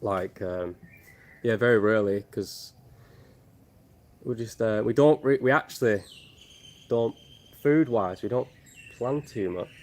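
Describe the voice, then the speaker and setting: Chatty lower-voiced northern English man. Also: a little slow, long pauses, a little mellow. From Northern England. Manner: chatty, jokey, reading viewer questions aloud. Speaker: travel vlogger. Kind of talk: casual livestream chat. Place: outdoors in Thailand with birds and geckos around.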